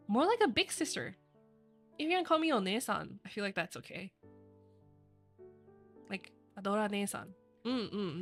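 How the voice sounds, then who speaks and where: A young woman streamer with a mid-range, fairly bright voice chats casually with her viewers. She rambles, uses lots of fillers, and giggles often.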